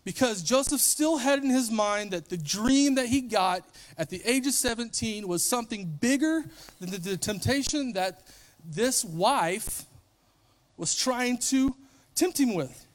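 A man preaching a sermon, retelling a story in a casual, conversational way and briefly acting out the characters. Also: extremely high pitch.

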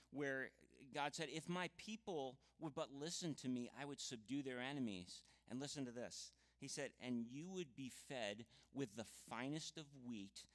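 A man preaching a sermon in an earnest, measured way, often adding "you know" as he explains scripture. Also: medium pitch, fairly bright tone.

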